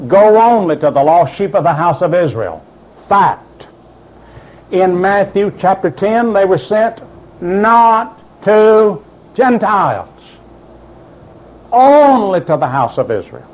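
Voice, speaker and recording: Male preacher, high and lively voice, hammering points home as fact. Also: takes it slowly, poor audio. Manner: emphatic, insistent, quotes doubters in mocking voices. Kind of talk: sermon.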